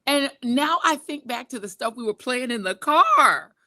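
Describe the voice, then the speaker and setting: A middle-aged woman from the United States co-hosting a podcast, telling animated, joking stories in casual chat. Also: high-pitched, normal speed, no room sound, studio quality. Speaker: podcast co-host.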